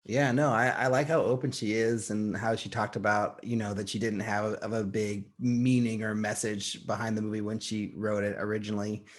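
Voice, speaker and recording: A man's voice: fairly low pitch, flat delivery, moderate pace, few pauses. Rambling man, chatty podcast co-host. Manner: rambling, many "like" and "you know" fillers, laughs often. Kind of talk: casual chat.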